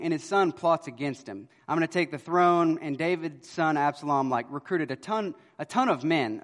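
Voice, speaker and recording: A man preaching a sermon as pastor, earnest, swelling loud on key words and then dropping to a hush. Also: on the high side. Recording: long hall reverb.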